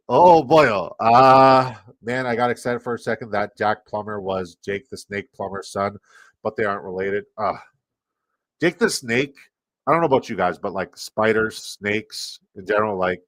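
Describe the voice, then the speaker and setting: A Canadian man with a lowish voice chats loosely on a live stream, rambling and dropping casual profanity as he reads messages aloud. He sits close to his mic in a dead, dry room. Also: a bit bright, dry recording. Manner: rambling, profane, reacting to chat. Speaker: fantasy football streamer.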